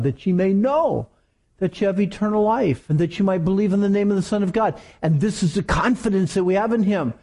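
A middle-aged man preaching a sermon to teenagers, telling stories in an animated way. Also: a little high. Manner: animated storytelling with acted quotes. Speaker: youth preacher.

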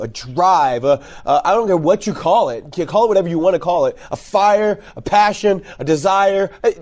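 A man speaking to youth ministry workers at a conference. He talks in an animated, conversational way, keeps checking in with "right?", and makes jokes. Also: high-pitched. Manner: jokey, repeats key words for emphasis.

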